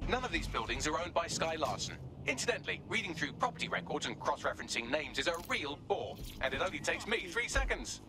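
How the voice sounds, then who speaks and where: Snarky AI helper in a game: rapid, animated, dry wit, score playing behind. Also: male voice, fairly high pitch, over music, low-quality recording. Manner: dry, sarcastic. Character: wry male AI assistant companion.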